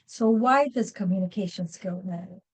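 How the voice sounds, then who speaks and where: A woman's voice: mid-range voice, normal speed, a little mellow, slightly rough, rough recording. A woman presenting a professional workshop to a live audience, with many fillers and restarts. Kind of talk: live seminar talk.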